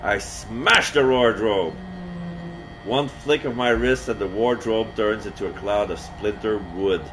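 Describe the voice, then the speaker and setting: A man streaming a solo roleplay game, narrating in first person and breaking off with excited, swearing outbursts. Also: fairly low pitch, unhurried, a little hiss or hum.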